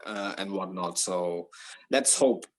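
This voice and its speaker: A man talking on a casual football podcast as a panelist, halting often as he searches for words. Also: deep voice, low-quality recording.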